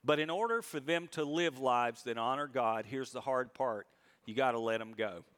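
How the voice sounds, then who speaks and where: Preaching as a pastor, a middle-aged man alternates soft, reflective passages with loud, elevated bursts of emphasis, and he draws out the important lines slowly.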